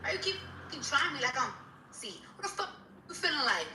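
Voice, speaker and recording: A woman's voice: sits high, big pitch swings, a little fast, sharp tone, echoey room, distant mic, a little hiss or hum, poor audio. A woman rapper in an angry, profane rant on social media, repeating herself as she scolds someone.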